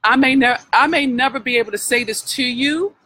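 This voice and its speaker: Husky-voiced woman giving a heartfelt healing talk. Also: high-pitched, brisk, sharp tone, rough recording. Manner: heartfelt, preacher-like, addresses listeners directly. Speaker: spiritual wealth coach. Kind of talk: live-streamed healing talk.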